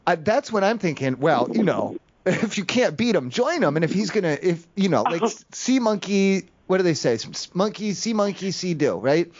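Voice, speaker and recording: A man's voice: high-pitched, big pitch swings, moderate pace. A man making a prank phone call, rambling through a long story with many fillers and restarts. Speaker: prank caller. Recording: muffled phone call audio.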